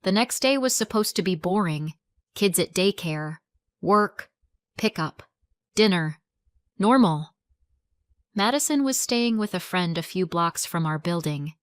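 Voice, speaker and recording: A woman narrating a story in a calm, measured storytelling voice. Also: lowish voice, clear, resonant tone, no room sound, studio quality.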